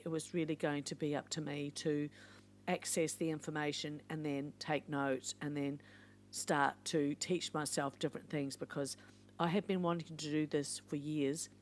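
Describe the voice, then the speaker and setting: Chatty older woman, low-pitched. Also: a little mellow, slight background noise. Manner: chatty and encouraging, with asides. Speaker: podcast host. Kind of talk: casual reflective monologue.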